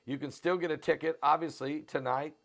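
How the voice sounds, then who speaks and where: A man with an American Midwestern accent hosting a live stream, pushing tickets in a repetitive, urgent pitch full of fillers. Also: fairly even intonation, fairly quick, fairly bright tone. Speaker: host of a prophecy channel. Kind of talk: live-stream promotion and commentary. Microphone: on camera.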